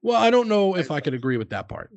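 Lively american guy, crude and laughing. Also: a little high, fast, highs cut off. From United States. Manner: laughs a lot, animated and crude. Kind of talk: casual banter.

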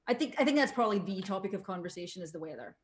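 A woman's voice: medium pitch, animated, very fast, a little hiss or hum. A Scottish woman, a veteran voice actor, chatting as a guest in an interview, swearing casually and talking with plenty of fillers. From Scotland. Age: middle-aged.

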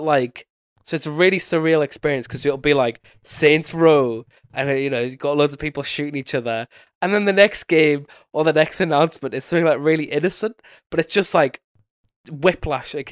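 A young man with a blocked, nasally voice, worn down by a cold and a sleepless night. He rambles through a casual podcast chat and loses his thread at times. His voice is smooth and clear, recorded close and dry with no room sound. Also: on the high side, fairly quick, no echo. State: sick with a bad cold, sleepless. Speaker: podcast co-host.

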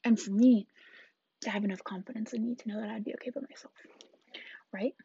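A woman's voice: fairly high pitch, steady tone, brisk, creaky, dark tone, dull audio, a little hiss or hum. An eighteen-year-old woman chatting through a rambling vlog story, often dropping into whispered asides. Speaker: vlogger.

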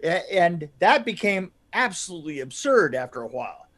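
A man's voice: sits high, big pitch swings, normal speed, fairly bright tone. A man chatting casually about movies, rambling and restarting his sentences, with a joking tone. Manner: rambling, self-interrupting, jokey. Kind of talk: casual chat.

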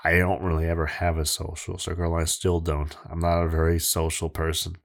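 A man's voice: deep voice, level tone, fairly quick, vocal fry. A man hosting a podcast, chatting casually on a close studio mic, rambling and swearing a lot. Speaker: podcast host. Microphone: close studio microphone.

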